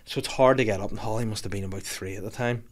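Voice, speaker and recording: A Scottish man hosting a podcast, telling sweary, animated stories in casual chat. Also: on the low side, very fast. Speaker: podcast host.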